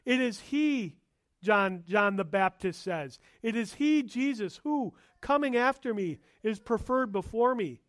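A man's voice: high voice, expressive, measured pace, no echo, clean studio sound. A man preaching a verse-by-verse sermon, reading scripture and pressing key points with rising emphasis. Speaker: pastor.

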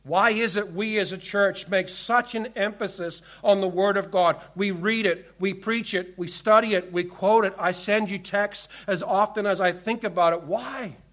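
A man preaching a sermon as pastor, reading scripture aloud and pressing his points with emphasis, swinging between loud commands and hushed asides. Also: high voice, steady tone, moderate pace, few pauses.

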